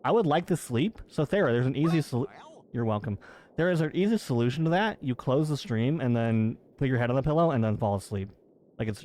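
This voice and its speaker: A man streams live in a medium-pitched, darkish voice, chatting casually and reading out what his viewers write. Incredulous at their teasing, he protests quickly while teasing in return.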